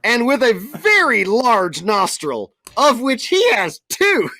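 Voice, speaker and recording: This is a game master at a tabletop game livestream, spinning a scene with playful, crude humor and frequent laughter. The voice is bright and swoops up and down a lot, delivered at an unhurried pace. The sound is dry, with no room around it. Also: mid-range voice, very animated, no room sound.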